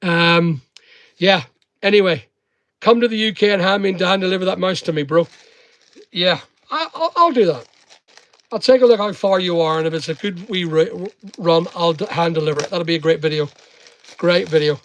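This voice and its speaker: A man's voice: high voice, normal speed, fairly bright tone. A middle-aged Northern Irish man rambling chattily on a livestream while packing online orders and talking to viewers. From Northern Ireland.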